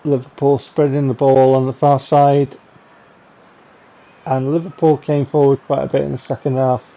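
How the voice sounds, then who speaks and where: Gravelly man, wry chat. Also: mid-range voice, level tone, normal speed, dull audio. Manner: chatty, rambling, wry. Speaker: gaming channel host. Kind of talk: casual game highlights commentary.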